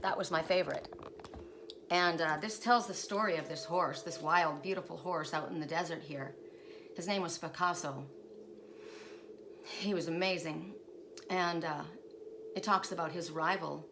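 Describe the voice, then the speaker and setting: A woman with a slightly low voice shares spiritual stories in a casual, rambling vlog. She talks with open emotion and keeps checking in with the listener by tacking "right?" onto her sentences. A faint hum sits behind her. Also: moderate pace, long pauses. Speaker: spiritual guidance storyteller.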